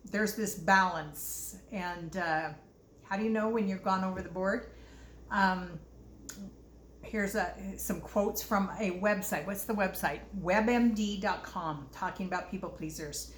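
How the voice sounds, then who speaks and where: A woman's voice: medium pitch, a little slow, a little hiss or hum. An older woman hosting a casual self-help talk, earnest and reflective, sharing personal stories. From Utah, US. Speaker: host. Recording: echoey room with faint ambience.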